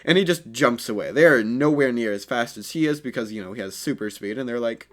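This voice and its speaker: A man's voice: mid-range voice, a little fast. A man improvising a fan story in a rambling, crude and self-conscious way.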